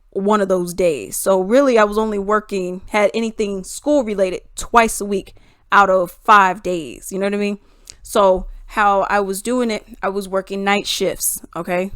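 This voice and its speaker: A woman's voice: medium pitch, clean tone, dry recording, clean studio sound. A young adult woman vlogging an opinionated monologue, emphatic and full of rhetorical questions.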